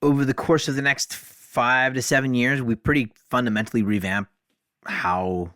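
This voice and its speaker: A man, a podcast guest, telling stories in a casual, animated way, often saying "like" and acting out dialogue. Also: medium pitch, normal speed, no echo, clean studio sound. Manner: animated, fills speech with "like", acts out dialogue. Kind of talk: casual storytelling.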